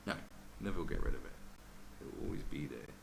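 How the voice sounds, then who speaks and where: Man, profane casual rant, very low voice, noisy background. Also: very animated, fast, creaky. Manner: profane, ranting, mimics voices. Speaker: podcast host. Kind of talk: casual ranting chat.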